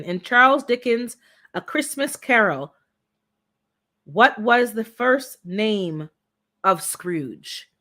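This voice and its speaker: A woman's voice: fairly low pitch, fairly bright tone. A woman hosting a casual live-stream holiday trivia game, chatty and playful, teasing her viewers. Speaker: livestream host running holiday trivia.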